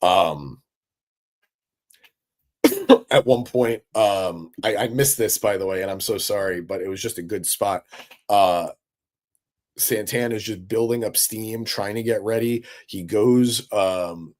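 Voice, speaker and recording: A man's voice: on the low side, slow, long pauses, darkish tone. A man hosting a live-stream recap, talking casually and with enthusiasm, answering chat with lots of fillers. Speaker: wrestling recap host.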